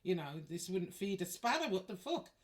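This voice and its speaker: A woman's voice: lowish voice, very animated, moderate pace. A woman voicing an angry, blunt woman with a strong Liverpool accent who swears indignantly.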